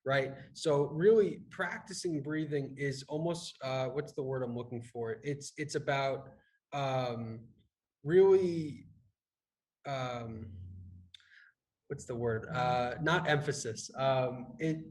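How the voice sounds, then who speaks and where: A man's voice: medium pitch, takes it slowly, poor audio. A man who is a fitness and health coach, talking casually on a business podcast, rambling with many restarts and tagging his points with "right?". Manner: rambling, restarts a lot, tags sentences with "right?".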